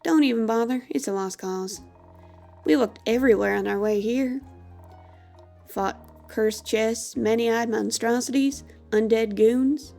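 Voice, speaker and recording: A woman's voice: fairly high pitch, unhurried, creaky, mellow, soft background music. A woman voicing a blunt, impatient female dwarf warrior who uses folksy dialect, reading a game aloud. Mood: gruff.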